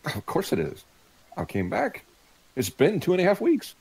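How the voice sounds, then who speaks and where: Low gravelly husky guy talking in character, voice goes up and down a lot, casual. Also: wildly swooping pitch, normal speed, a little mellow, no room sound, rough recording. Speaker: player. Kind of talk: speaking in character in a tabletop game.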